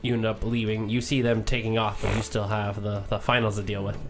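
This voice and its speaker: A man narrating as game master, relaxed and loose with lots of fillers. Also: fairly low pitch, brisk. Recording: faint background music.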